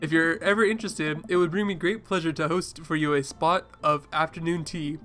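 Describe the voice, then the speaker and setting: A man's voice: fairly high pitch, fairly even intonation, brisk, pushed and bright, soft background music. Dude doing a formal goth guy, fake russian accent, super courtly. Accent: put-on Russian. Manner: formal, old-fashioned courtesy. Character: gothic cape-wearing male neighbor, formal and courtly.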